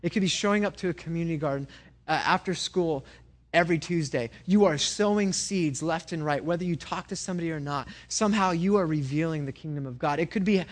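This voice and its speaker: A man's voice: a little high, fast. A man preaching a sermon in a conversational way, often stumbling and repeating words as he restarts. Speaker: pastor.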